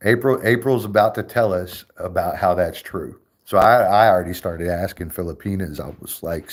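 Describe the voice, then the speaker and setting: A man hosting a casual livestream chat, profane and animated, breaking into laughter often. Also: low-pitched, normal speed, few pauses. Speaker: streamer host.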